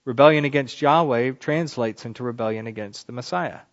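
A man's voice: medium pitch, brisk, lo-fi sound. A man preaching a sermon, explaining a psalm and reading scripture aloud with rising emphasis.

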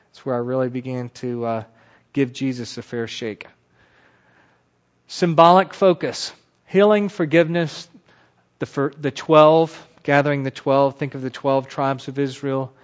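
A man giving a Bible teaching lecture as an animated storyteller who asks rhetorical questions, on a dull lo-fi recording. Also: medium pitch.

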